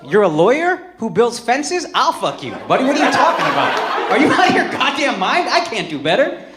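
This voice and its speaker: A man doing stand-up crowd work, loud and profane, breaking into shouts. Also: very high-pitched. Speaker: stand-up comedian. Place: live comedy venue with audience. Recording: roomy live venue with loud crowd.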